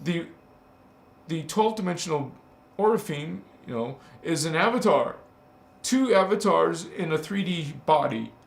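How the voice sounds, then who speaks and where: High-pitched man, livestream host, slow delivery, echoey room, teasing and emphatic with frequent laughs. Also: animated, vocal fry. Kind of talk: casual livestream talk.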